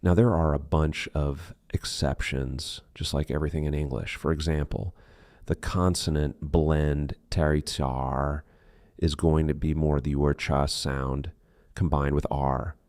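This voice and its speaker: A man reading aloud an English pronunciation lesson in steady narration. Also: a bass voice, unhurried, dry recording, clean studio sound.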